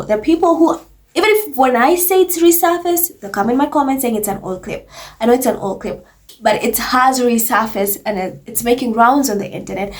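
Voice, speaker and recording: A woman giving casual, chatty commentary on royal gossip, laughing often as she talks. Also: a little high. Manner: chatty, laughs often, mocking quoted voices.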